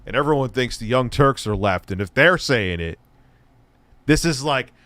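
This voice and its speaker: Profane, animated male commentator. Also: mid-range voice, moderate pace, dry recording. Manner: profane, mocking, sarcastic. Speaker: host. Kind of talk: casual reaction commentary.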